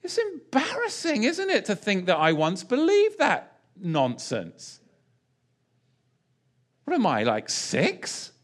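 Male preacher, higher-pitched and very animated, verse-by-verse sermon with rhetorical questions. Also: takes it slowly, long pauses. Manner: animated, pitch swings widely, asks the audience rhetorical questions. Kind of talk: sermon teaching.

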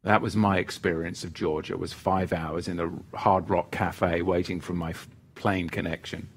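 A man's voice: low-pitched, little pitch movement, moderate pace, slightly rough. A middle-aged man from England whose accent has drifted toward American, hosting a live stream where he reads out viewer comments and answers them in a loose, rambling way. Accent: mid-Atlantic mix of English and American. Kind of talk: casual live chat.

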